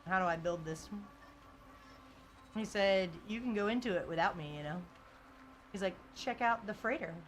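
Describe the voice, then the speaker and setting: A woman's voice: medium pitch, moderate pace, long pauses, slight background noise. Chatty laughing woman streamer. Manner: rambling and chatty, full of "like" and "you know", laughs often. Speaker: game streamer. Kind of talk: casual live-stream chat, reading viewer comments aloud.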